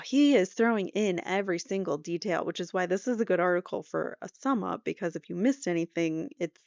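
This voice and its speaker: A woman's voice: on the low side, gravelly, no room sound, lo-fi sound. A woman hosting a true crime podcast, reading an article aloud with sarcastic, chatty commentary. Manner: sarcastic, chatty, laughs at her own asides.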